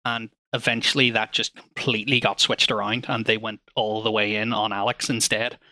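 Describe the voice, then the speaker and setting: A man's voice: lowish voice, flat delivery, moderate pace, bright, forceful tone, no echo. A man co-hosting a casual gaming podcast. He talks fluently and with enthusiasm, swearing often. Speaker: podcast co-host.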